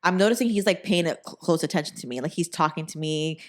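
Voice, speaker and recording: Low-voiced young woman telling a story. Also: fast talker. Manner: animated, profane, acts out quoted voices. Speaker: podcast host. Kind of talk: casual storytelling chat.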